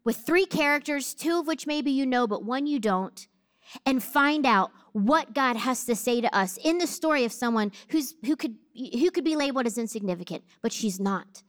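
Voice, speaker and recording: A woman in her thirties preaching a sermon, telling a personal story in a humorous, animated way. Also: high-pitched, moderate pace.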